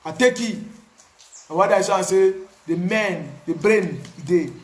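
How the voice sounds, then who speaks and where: A man with a Cameroonian Pidgin English accent tells his own story in a casual, animated way, repeating words for emphasis. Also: sits high, a little slow, reverberant. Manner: animated, repetitive, pidgin phrasing. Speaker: activist.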